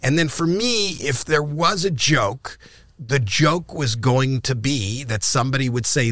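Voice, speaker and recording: A man's voice: measured pace, no echo, clean studio sound. An older man from Canada, a podcast guest, telling stories in conversation, acting out quoted lines and often repeating and restarting words. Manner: animated, acts out quoted lines with rising pitch. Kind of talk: anecdotal storytelling in conversation.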